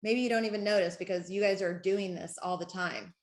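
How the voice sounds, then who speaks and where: A woman coaching a live group call, excitable and quick to laugh, speaking straight to her audience. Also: medium pitch, echoey room. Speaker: network marketing coach.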